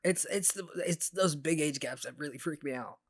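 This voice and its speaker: A man co-hosting a casual podcast chat, talking in an animated, expressive way with playful exclamations. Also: on the high side, normal speed. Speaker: podcast co-host.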